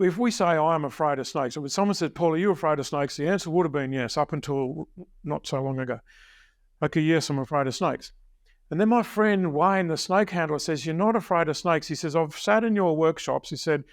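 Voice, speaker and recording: A man in his sixties, a success coach, telling stories in a deliberate, emphatic, teacherly way during a podcast interview. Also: fairly high pitch, gravelly, dry recording, studio quality. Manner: deliberate, emphatic teacherly delivery with slowed key phrases.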